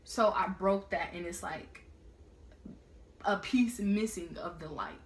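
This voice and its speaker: Teen girl vlogger, animated casual storyteller, mid-range voice in an echoey room. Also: medium pitch, slow, noisy background. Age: teens. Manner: casual, slangy, animated retelling. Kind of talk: storytime vlog. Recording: roomy echo.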